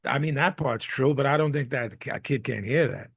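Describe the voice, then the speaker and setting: Gravelly guy co-hosting a podcast, rambly and loose, dry close mic. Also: mid-range voice, fairly quick, no echo. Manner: rambling, many restarts and fillers. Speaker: podcast co-host. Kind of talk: casual chat.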